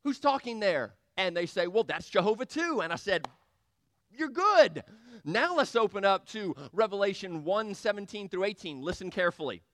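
A man with a high voice delivers a sermon, quoting scripture and acting out both sides of conversations in an animated way. The sound is dry and close, with no room echo. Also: fairly quick, few pauses. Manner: animated, quotes scripture and acts out dialogue. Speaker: preacher.

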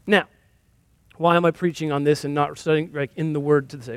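A man's voice: fairly high pitch, fairly even intonation, a little fast, dry recording. A male pastor giving a sermon in a conversational, self-deprecating storytelling manner.

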